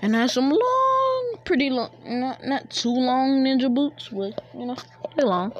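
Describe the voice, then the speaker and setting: A woman's voice: high-pitched, expressive, a little slow, muffled recording, slight background noise. A woman casually telling a made-up fan story, rambling and slangy with many fillers.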